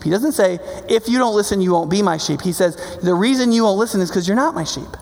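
Male pastor, casual animated sermon delivery, gravelly tone, long hall reverb. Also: sits high, fast, hardly any pauses. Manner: conversational, animated preaching with frequent "right?".

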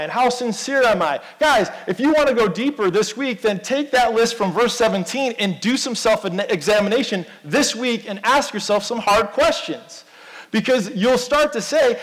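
A man's voice: sits high, long reverb tail, rough recording. A man preaching a sermon as pastor, in a conversational, storytelling manner.

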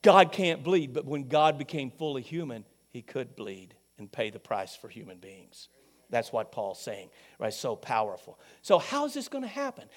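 An unhurried male pastor delivers an emphatic sermon and questions the congregation directly. He alternates between loud climaxes and soft, low moments.

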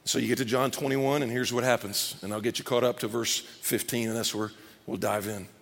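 A man preaching a sermon as pastor, animated, acting out scripture scenes. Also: medium pitch, fairly quick, vocal fry. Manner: animated, acts out scripture scenes in character voices. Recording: long reverb of a large hall.

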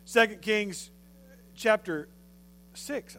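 A male pastor giving a sermon, telling a story in an animated, conversational way. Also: high-pitched, moderate pace, soft background music.

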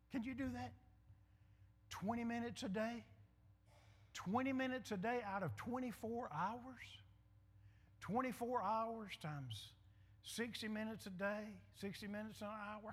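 High-voiced pastor preaching in a big hall. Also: male voice, measured pace, pauses often, breathy edge. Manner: emphatic, repeats lines, call-and-response with the congregation. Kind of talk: sermon. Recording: hall reverb.

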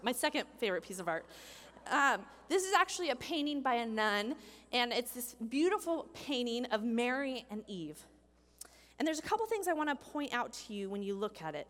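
Animated woman preaching in a reverberant hall. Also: high-pitched. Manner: animated, acts out voices of people in the story. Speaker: pastor. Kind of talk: sermon. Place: church hall with a congregation.

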